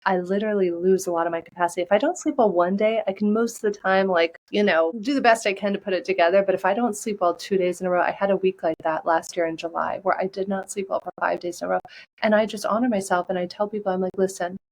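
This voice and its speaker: A woman's voice: medium pitch, fairly even intonation, fast talker, poor audio. Earnest woman telling a heartfelt story. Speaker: podcast guest. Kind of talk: conversational storytelling.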